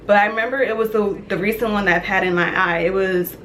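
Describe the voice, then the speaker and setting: A young woman telling a dream story in casual vlog style, animated and chatty, with many "like" fillers. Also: medium pitch, fast talker, a little hiss or hum. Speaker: vlogger.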